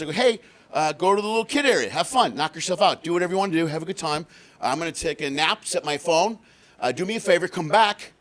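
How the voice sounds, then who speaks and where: A middle-aged man doing a stand-up comedy set, telling stories with animated delivery and shouting the punchlines. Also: on the high side. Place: live comedy stage. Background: audience laughter.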